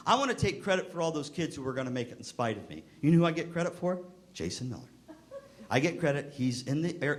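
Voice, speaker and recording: A middle-aged man giving a storytelling speech to band directors at a convention, acting out voices in his stories. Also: a little high. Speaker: keynote speaker to band directors. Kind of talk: storytelling speech to a live audience. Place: convention hall.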